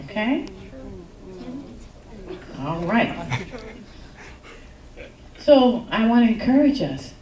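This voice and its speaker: A woman giving a joking, lively talk on relationships at a church service, acting out little quotes as she goes. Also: mid-range voice, takes it slowly, pauses often, a little hiss or hum. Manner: animated, joking, acts out quotes. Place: church hall with congregation. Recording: echoey hall, mic from far off.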